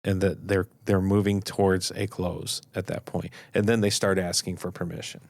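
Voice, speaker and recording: A man co-hosting a casual podcast about selling insurance, agreeable and often pausing with halting restarts. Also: deep voice, level tone, creaky, darkish tone, dry recording. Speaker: podcast co-host and insurance sales trainer.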